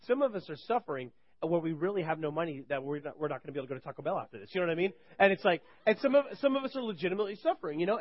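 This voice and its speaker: A man's voice: on the high side, muffled recording. A man giving a casual, rambling sermon to college students at a live campus gathering, chatty and full of joking asides. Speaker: campus ministry preacher.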